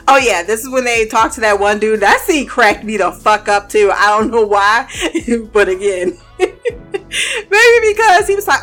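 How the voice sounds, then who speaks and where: A woman talks through a TV episode in loose, casual reaction commentary, her voice bright and forward. She is animated and quick to laugh, tossing in playful asides. Soft music plays faintly underneath. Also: a little high. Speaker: TV episode reviewer.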